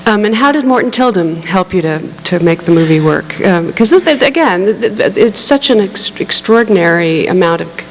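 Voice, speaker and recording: A woman's voice: fairly low pitch, animated, moderate pace, hardly any pauses, big-room sound, a little hiss or hum, rough recording. A woman moderating a writers' panel, asking questions in an inquisitive, slightly stumbling way. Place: large hall on stage.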